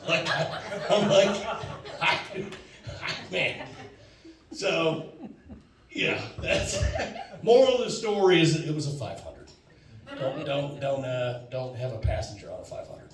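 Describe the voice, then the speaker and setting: A man's voice: fairly high pitch, lively intonation, takes it slowly, long pauses, crowd noise. A man telling a stand-up story, rambling and acting out his friend's lines. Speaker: stand-up comedian. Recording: echoey room from far off.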